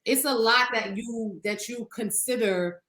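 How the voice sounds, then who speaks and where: A woman co-hosting a podcast, chatting casually in an animated, profane way and laughing often. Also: a little high, unhurried, roomy sound, slight background noise, poor audio. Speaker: podcast co-host. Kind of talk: casual chat.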